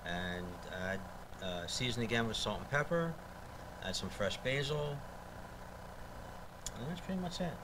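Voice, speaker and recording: A man talking as a guest on a radio show, relaxed and easygoing, with frequent hesitant fillers. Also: medium pitch, unhurried, pauses often. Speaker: guest cook. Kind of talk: casual chat. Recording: live radio studio with steady noise.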